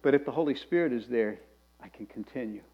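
A man's voice: medium pitch, expressive, fast, dull audio. A pastor preaching a sermon in a conversational way, often restarting phrases and tossing in asides to his congregation.

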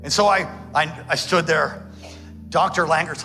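A man, a pastor, telling a dramatic story in a sermon, swinging between loud excitement and hushed tones. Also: a little high, measured pace, creaky, over loud music.

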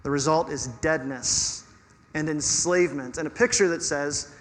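A man preaching a sermon as pastor, conversational and animated, asking his listeners rhetorical questions. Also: on the high side, normal speed. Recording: long reverb of a hall.

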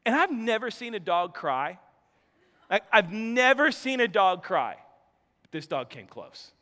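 High, bright-voiced man preaching. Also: a little slow, in a large hall. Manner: animated storytelling, self-interrupting, laughing asides. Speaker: pastor. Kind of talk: sermon.

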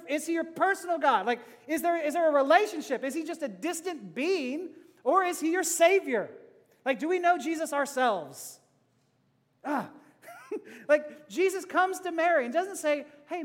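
High-pitched guy preaching in a church, jokey, lots of laughs, big reverby hall. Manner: playful, laughing asides, swings from loud to hushed. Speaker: pastor. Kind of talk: sermon.

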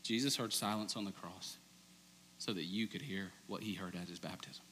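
A man preaches, shifting from loose, lively storytelling to hushed emphasis. His voice is bright and tense with an edge. It rings with the long reverb of a large hall. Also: moderate pace, a little hiss or hum. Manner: conversational storytelling, animated, ends low and hushed. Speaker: pastor. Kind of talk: sermon.

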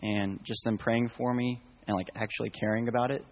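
A young man sharing a casual faith testimony, soft-spoken and full of fillers. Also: medium pitch, fairly even intonation, a little fast, big-room sound.

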